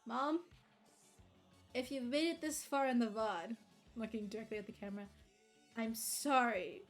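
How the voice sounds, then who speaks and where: A woman's voice: fairly high pitch, normal speed, soft background music. A woman live-streaming casual chat, rambling, swearing and laughing at herself, tired and overheating. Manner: rambling, self-deprecating, swears and laughs often.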